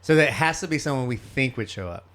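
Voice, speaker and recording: A man's voice: medium pitch, lively intonation, fast, fairly bright tone. A man co-hosting a podcast in casual chat, rambling, swearing and laughing often. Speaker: podcast co-host.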